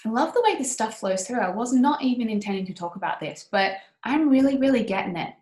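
A woman with a fairly high voice talks through her ideas with passion and emphasis, candid and now and then swearing. Her voice rings in an echoey room. It sounds like a casual podcast chat. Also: expressive, fast, a little mellow. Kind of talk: casual podcast chat about business and mindset.

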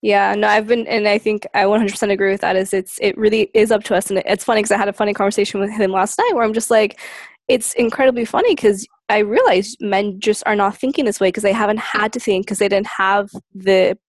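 A woman's voice: mid-range voice, fairly even intonation, quick pace, no echo. A woman taking part in a casual group discussion, speaking in a thoughtful, reflective way. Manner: thoughtful, reflective, some restarts. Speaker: discussion participant.

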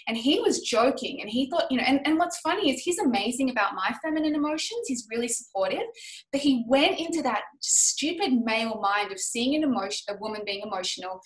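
A woman's voice: high-pitched, animated, fairly quick, a bit bright, reverberant, rough recording. A woman leading a casual group discussion, talking in an earnest, emphatic way and acting out the lines she quotes. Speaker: group facilitator.

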